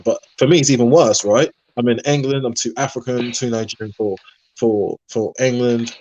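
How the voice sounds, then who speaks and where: A man in a casual online discussion, telling personal stories in an animated way and laughing often. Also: mid-range voice, brisk, no room sound, low-quality recording. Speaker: panelist.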